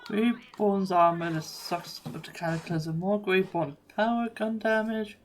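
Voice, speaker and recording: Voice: mid-range voice, measured pace, a little hiss or hum. A streamer giving casual live commentary while playing, muttering thoughts on gear aloud.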